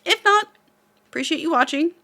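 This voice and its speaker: A woman's voice: sits high, animated, a little fast, bright, forceful tone. A tired woman, the game master, signing off a late-night tabletop stream in a rambling, laughing way. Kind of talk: casual stream sign-off.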